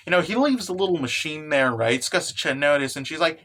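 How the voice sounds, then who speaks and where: A young man casually recapping a comic, energetic and swearing, with lots of fillers. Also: on the high side, fairly quick, few pauses. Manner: energetic, swears, laughs, fillers like "you know" and "okay". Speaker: manga recap host.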